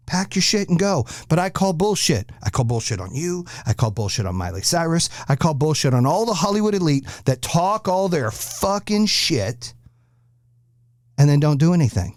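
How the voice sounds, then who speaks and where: Foul-mouthed ranting podcast host, dry sound. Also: male voice, a little high, darkish tone, no echo. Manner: blunt, aggressive, swears constantly. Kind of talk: profane ranting monologue.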